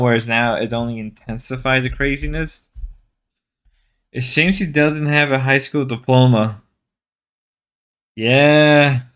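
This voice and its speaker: A man's voice: mid-range voice, a bit bright, clean tone. A young man co-hosting a stream in casual chat, rambling and joking with hesitant restarts. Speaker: stream co-host.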